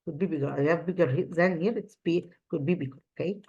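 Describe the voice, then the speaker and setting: A woman's voice: sits low, fast talker, dark tone, dull audio. A woman English teacher with an Egyptian accent, whose first language is Arabic, explaining grammar in a recorded online lesson with many fillers and restarts.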